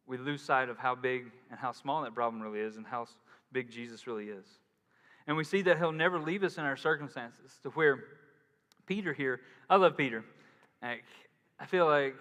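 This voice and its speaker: Man, pastor, casual animated sermon, slightly higher voice, long hall echo. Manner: casual, animated preaching with acted-out quotes.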